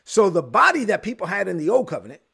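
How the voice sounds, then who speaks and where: A man preaching a sermon in an animated way, acting out the voices of churchgoers. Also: high voice, fast, vocal fry, slightly rough. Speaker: pastor.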